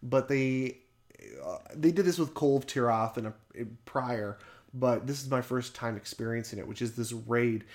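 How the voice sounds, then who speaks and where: A man co-hosts a casual podcast chat, animated, laughing often and swearing freely. His voice is mid-range and his pace moderate.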